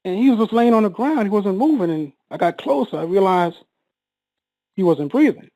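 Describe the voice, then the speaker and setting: A man telling an emotional personal story, halting and repeating words, his voice rising as he relives a moment of panic. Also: high voice, animated, warm tone, dry recording, poor audio.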